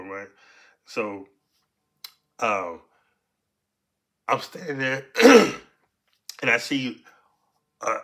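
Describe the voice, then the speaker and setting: A man casually telling a story from his past in street slang, punctuating it with "right?" and "so boom". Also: sharp tone. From Los Angeles.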